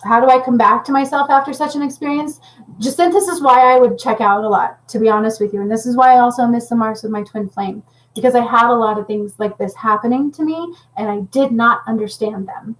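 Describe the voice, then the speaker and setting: A woman's voice: fairly high pitch, fairly even intonation, fairly quick, poor audio. A woman working as a spiritual healer and medium, talking casually and intensely to viewers on a livestream, rambling and often checking in with "okay?".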